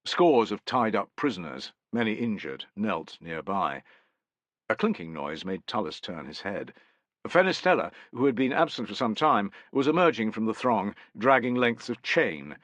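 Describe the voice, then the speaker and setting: Man, audiobook narration, low voice, very expressive, dry recording. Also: normal speed, no echo. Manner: expressive, dramatic reading.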